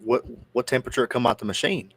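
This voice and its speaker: A man's voice: medium pitch, fast, fairly bright tone, husky. Rambling Southern man with a drawl. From near the Georgia-Tennessee border. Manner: rambling, profane, jokey storytelling. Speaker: podcast co-host. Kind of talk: casual chat.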